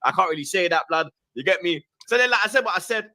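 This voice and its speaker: A young man with a London accent tells a story with big swings in pitch. His voice is bright and forward. He talks in slang and acts out what each person said. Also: quick pace. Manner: lively, slang-heavy, acts out quoted voices. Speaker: guest. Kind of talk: animated storytelling.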